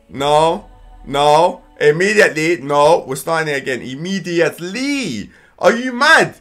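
A man from London with a London accent, reacting casually to a trailer as host and bursting into whoops and shouts. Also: a little high. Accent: London English. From London, England. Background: trailer music playing faintly.

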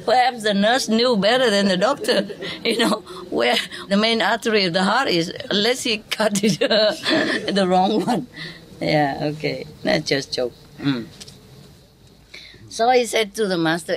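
A woman's voice: medium pitch, animated, slow. A woman with a Vietnamese accent giving a spiritual teaching talk to an audience, playful, laughing often and quizzing her listeners.

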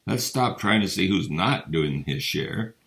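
A man voicing a kind, patient young Santa Claus in a storybook reading, speaking gently and coaxingly. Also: deep voice, lively intonation, unhurried, gravelly, full character voice.

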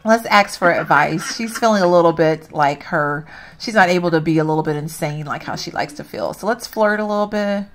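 A woman's voice: lowish voice, brisk. A woman hosting a let's play, chatting to her viewers as she plays and laughing at herself. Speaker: gaming channel host.

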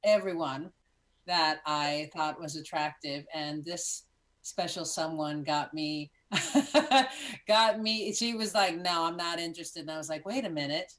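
A woman guest in a casual chat, telling her story in a gushing, animated way over a video call. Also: low-pitched, a little slow. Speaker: podcast guest.

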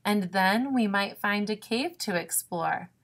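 A woman voicing a cheerful, excitable young duck in a picture-book reading, high and eager. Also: measured pace, gravelly. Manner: bright, eager, exclaiming.

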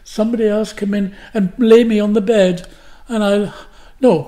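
An older man with a Glasgow accent, telling a story with theatrical flair. He acts out cries and quotes, tosses in rhetorical questions, and speaks with a mellow, soft-edged tone. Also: high-pitched, fairly even intonation, normal speed. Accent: Glaswegian. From Scotland. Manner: fillers and restarts, rhetorical questions. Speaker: actor, interview guest. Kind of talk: anecdotal storytelling in an interview.

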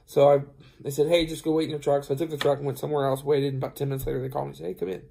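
A tired truck driver talks straight to his camera in a casual, rambling way. His voice is gravelly and dark, and it sits a little high for a man. He keeps acting out the back-and-forth of a conversation. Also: level tone, rapid-fire. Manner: rambling, retells dialogue, many fillers. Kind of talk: casual storytelling vlog.

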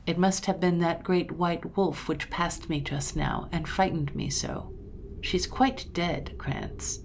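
A woman's voice: lowish voice, steady tone, slow, vocal fry, a little mellow, a little hiss or hum. Woman reading as a sinister stepmother. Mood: feigned concern. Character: calm, sinister stepmother feigning concern.

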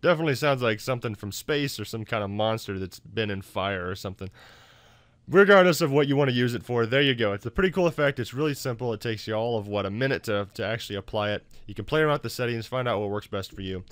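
A man narrating a casual software tutorial for his video channel, loose and full of fillers and restarts. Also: mid-range voice, expressive, fast talker, clean tone, dry recording. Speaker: YouTube tutorial maker.

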